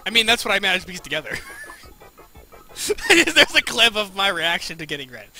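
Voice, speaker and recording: High-voiced giggly streamer guy with a cold. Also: sing-song, a little fast, long pauses, pushed and bright, soft background music. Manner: giggly, playful, chatting with chat. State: has a cold. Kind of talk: casual game commentary.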